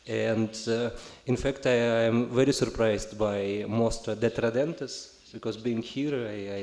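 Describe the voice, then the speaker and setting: A man's voice: mid-range voice, a little mellow. A man with a Russian accent speaks English as a guest on a festival panel, his speech full of "uh"s and restarts. His voice sits in a middle range and carries the echo of a large hall. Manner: hesitant, many fillers and self-corrections. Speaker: panel guest, film critic and curator. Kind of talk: halting panel talk in a second language. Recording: echoey hall sound.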